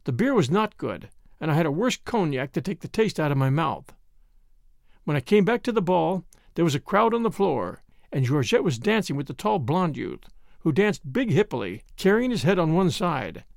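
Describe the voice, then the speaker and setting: A man's voice: fairly high pitch, very animated, normal speed, creaky, no room sound, clean studio sound. A man reading a first-person literary story aloud in a wry, understated manner. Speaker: audiobook narrator.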